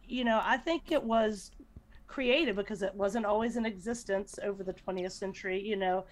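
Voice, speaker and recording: A woman's voice: mid-range voice, normal speed, noisy background. Woman asking a casual question. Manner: mostly brief agreement, asks questions. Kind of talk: casual chat.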